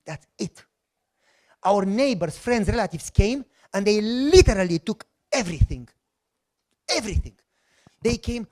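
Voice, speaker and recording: A middle-aged male pastor, speaking in a fairly high voice. He preaches through a personal story with dramatic flair and voices both sides of each exchange himself. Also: sing-song, measured pace, long pauses, a little mellow. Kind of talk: sermon storytelling.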